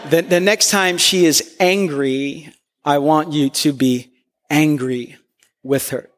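A patient male therapist speaks in slow, measured, deliberate sentences, as a preacher acts him out. His voice sits fairly high and carries a long echo through a big hall. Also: steady tone, a bit bright. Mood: calm. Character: calm, patient male therapist, middle-aged.

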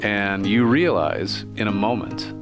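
A man narrating as game master of a tabletop game, relaxed and casual, with frequent fillers. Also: fairly low pitch, unhurried, music in the background.

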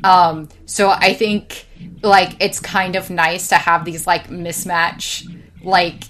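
A young woman talking casually, full of fillers, swearing freely and telling stories with lively energy. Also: fairly low pitch, takes it slowly, a little hiss or hum. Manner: rambling, filler-heavy, swears freely, animated storyteller. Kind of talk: casual chat.

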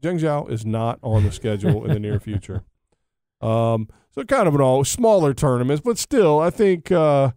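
Podcast guy rambling and joking at himself, mellow tone, dry sound. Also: mid-range voice, lively intonation, normal speed, dry recording. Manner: joking, rambling, self-mocking. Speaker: podcast co-host. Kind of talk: casual chat.

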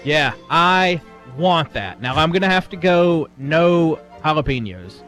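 High-voiced co-host, easygoing. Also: male voice, animated, unhurried, a bit bright, soft background music. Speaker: radio co-host. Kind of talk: casual on-air banter.

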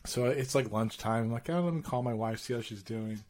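A middle-aged man co-hosting a casual podcast chat, telling lively stories with slang and laughter. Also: medium pitch, a little fast. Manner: animated storytelling with laughs and slang. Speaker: podcast co-host.

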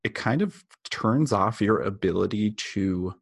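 A man's voice: on the low side, lively intonation, measured pace, creaky, breathy edge. A man in casual conversation who talks candidly and reflectively and swears freely.

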